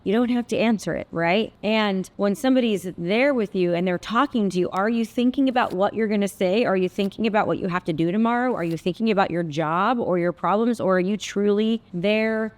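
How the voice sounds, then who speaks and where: A woman's voice: medium pitch, brisk, few pauses. A woman in her fifties, a real estate coach, talking earnestly and conversationally to camera with many fillers and asides. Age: 50s. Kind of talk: personal reflective talk to camera.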